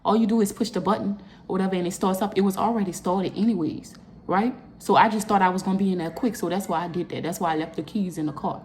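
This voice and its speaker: This is a fast-talking young woman vlogger narrating a personal story for a casual storytime upload. Upset moments send her voice leaping into loud, high bursts, and she's animated the whole way.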